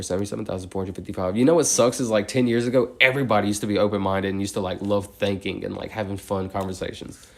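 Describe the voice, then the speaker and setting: A man on a live stream counting numbers aloud, breaking into chatty tangents packed with "like". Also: on the low side. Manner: fast, steady number recitation broken by chatty tangents full of "like".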